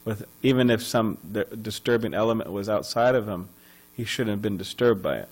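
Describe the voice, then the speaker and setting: A man's voice: on the low side, a little fast, darkish tone, rough recording. A man giving a scripture class at a temple, telling a story conversationally with many fillers and restarts. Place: temple hall.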